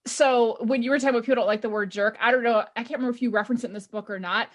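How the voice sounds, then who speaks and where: A woman's voice: on the high side, fairly even intonation, rapid-fire. A woman hosting a podcast as a leadership coach, speaking in an emphatic, affirming way. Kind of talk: conversational interview.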